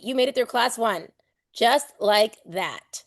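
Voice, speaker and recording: A woman teaching a live online exam prep class, lively and playful, casual with swearing, acting out everyday examples. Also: a little high, unhurried, vocal fry, no echo, clean studio sound.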